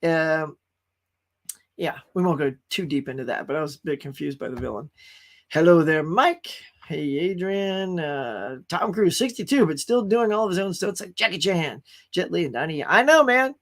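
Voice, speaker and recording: A man's voice: on the high side, expressive, moderate pace, fairly bright tone. Chatty man hosting a movie stream. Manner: rambling, enthusiastic, reads chat aloud. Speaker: host of a pop culture live stream. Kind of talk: casual live-stream chat.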